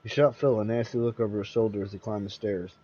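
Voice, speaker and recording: A man's voice: lowish voice, quick pace, slightly rough, highs cut off. Man reading a horror tale aloud. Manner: steady, occasional slips and restarts. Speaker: host and storyteller. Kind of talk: horror story read-aloud.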